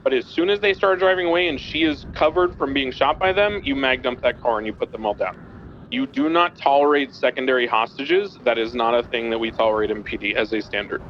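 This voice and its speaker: A man's voice: mid-range voice, fairly quick, lo-fi sound, a little hiss or hum. A man playing a senior police instructor, briefing trainees bluntly and emphatically in a game roleplay. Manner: blunt, emphatic, swears casually.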